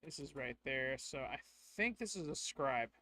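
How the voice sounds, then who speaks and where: A man's voice: mid-range voice, expressive, normal speed, pushed and bright. A man narrating a solo tabletop game, thinking aloud with hesitations and filler words.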